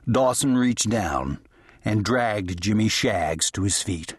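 A man reading a western novel aloud as an audiobook narrator, in an even, measured storytelling manner. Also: fairly low pitch, husky, no room sound, studio quality. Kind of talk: scripted narration.

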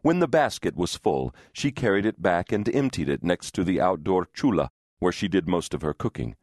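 A male audiobook narrator with a very deep voice that still moves a lot in pitch, telling the story in a measured, expressive way. He is recorded dry and close on a studio microphone, with no room sound. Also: dry recording. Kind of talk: scripted narration.

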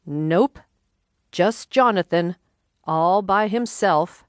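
A woman's voice: lowish voice, drawn-out words, no room sound. A woman voicing a grumbling, folksy older husband who talks in a dry, laconic drawl.

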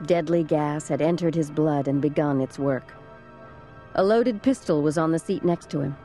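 A woman narrating a thriller audiobook in a measured, suspenseful reading, close to the microphone. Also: low-pitched, mellow. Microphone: close studio mic.

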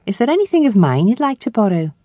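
A woman reading an audiobook, voicing a cheerful, excitable young woman who gushes. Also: mid-range voice, fast talker, no echo, lo-fi sound, voice pushed up. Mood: fond. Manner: gushing and exclaiming.

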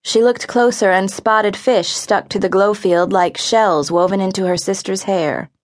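A woman narrating a young-adult adventure audiobook, vivid and expressive in her reading. Her voice sits at an ordinary middle pitch. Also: unhurried. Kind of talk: scripted narration.

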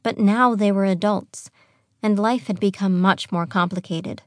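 A woman reads a teen fantasy novel aloud in measured, even narration. Her voice sits at a middling pitch, recorded close on a studio mic with a dry, dead sound. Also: no echo. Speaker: audiobook narrator. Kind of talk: scripted audiobook narration.

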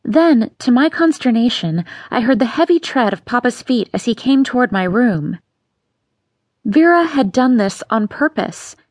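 A woman's voice: a little high, expressive, unhurried, no echo. Woman narrating an audiobook, dry studio. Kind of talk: scripted narration.

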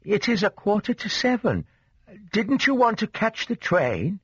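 Man doing a soft-voiced worried mother in a storybook reading, pitched far up, husky and breathy, dry dull studio sound. Her voice stays gentle and quiet. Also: big pitch swings, measured pace, no room sound, full character voice. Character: anxious mother, middle-aged woman, soft-voiced.

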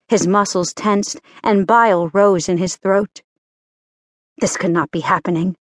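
A woman with a mid-range voice gives a measured, even narration of a romance audiobook from a script. The audio is studio quality with no room sound.

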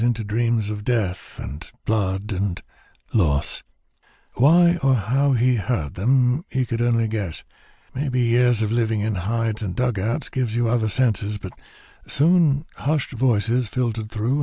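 Mellow, husky male audiobook narrator. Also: mid-range voice, no room sound, clean studio sound.

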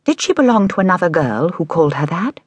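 A woman's voice: fairly low pitch, big pitch swings, quick pace, husky, no echo, lo-fi sound, voice pushed up. A woman voicing a shy but determined little girl in a storybook, speaking timidly yet boldly.

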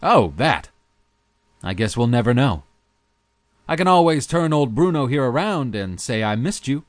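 A man's voice: medium pitch, big pitch swings, a little slow, no room sound, voice pushed up. A male audiobook narrator voicing a cheerful, polite male coach driver in a lifted, deferential tone.

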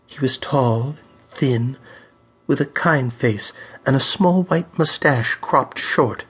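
A man voicing a frail young woman stage psychic, frightened and haunted, speaking in high trembling shrieks and pleas in an audiobook. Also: slow pace, a bit bright, husky, exaggerated voice. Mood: dazed. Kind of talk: audiobook character voice.

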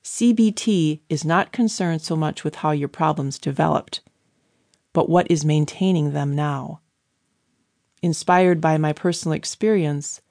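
A woman giving an earnest, measured first-person audiobook narration on a close studio microphone. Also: deep voice, gravelly, a little mellow, no room sound.

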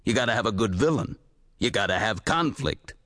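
Jules, a man doing a weary skeptical publisher. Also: brisk. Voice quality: dry, deadpan, lower drawl. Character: weary, skeptical male publisher, flat and hopeless. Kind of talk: audiobook character voice.

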